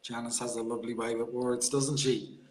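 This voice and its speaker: A man's voice: medium pitch, little pitch movement, normal speed, darkish tone. Man hosting with brief encouraging remarks. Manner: brief, encouraging comments between readings.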